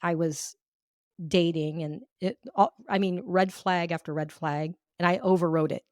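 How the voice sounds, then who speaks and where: Recorded close and dry with no echo, a woman coach of Cuban heritage speaks at normal speed in a lowish voice. Telling personal stories as an interview guest on a podcast, she animatedly acts out her past thoughts.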